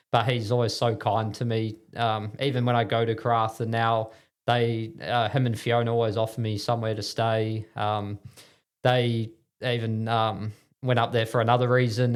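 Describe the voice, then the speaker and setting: A man's voice: fairly low pitch, smooth. A man from New Zealand, a speedway driver guesting on a podcast, talking in a rambling, self-deprecating way with lots of fillers. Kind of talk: casual podcast interview. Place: podcast studio.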